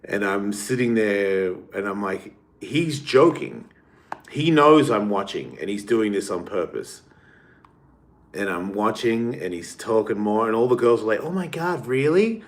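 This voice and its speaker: A man's voice: on the low side, expressive, a little slow. A man, hosting his podcast and telling a rambling, profane story in a casual monologue. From Australia. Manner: rambling, swearing, laughs often. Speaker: podcast host.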